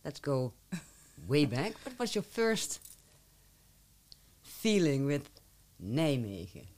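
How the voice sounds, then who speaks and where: A woman's voice: low-pitched, very animated, slow, darkish tone. A woman, a language teacher hosting an interview and explaining pronunciation patiently. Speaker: Dutch language teacher and host.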